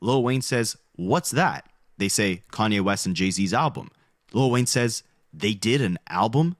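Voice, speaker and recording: A man's voice: lowish voice, lively intonation, no room sound, studio quality. A man narrating a scripted commentary video, laying out his points one by one. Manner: brisk, explanatory, listing points.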